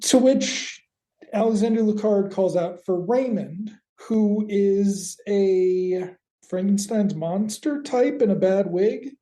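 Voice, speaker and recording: A woman co-hosting a podcast, recapping an episode in a wry, deadpan way. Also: medium pitch, takes it slowly, roomy sound. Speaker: podcast co-host.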